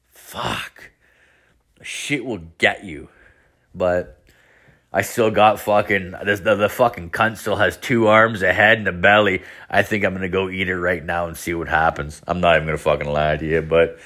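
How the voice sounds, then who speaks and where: Young male host, bright tone, profane and animated casual storyteller. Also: deep voice, normal speed. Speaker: podcast host.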